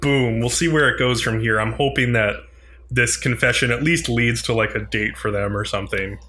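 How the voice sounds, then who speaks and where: A man's voice: medium pitch, steady tone, moderate pace, pushed and bright, slight background noise. A man co-hosting a podcast, reviewing anime episodes with enthusiasm, chuckling and filling his talk with "like". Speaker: podcast co-host. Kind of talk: casual anime recap chat.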